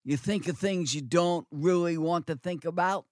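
A man's voice: a little high, normal speed, no echo, clean studio sound. A man preaching a sermon, repeating words for emphasis and asking the listeners rhetorical questions.

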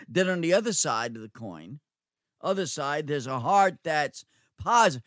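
A middle-aged man preaching a sermon, slowly repeating phrases for emphasis and swinging between loud and quiet. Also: on the high side, sing-song, no room sound, studio quality. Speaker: preacher, former nursing home chaplain.

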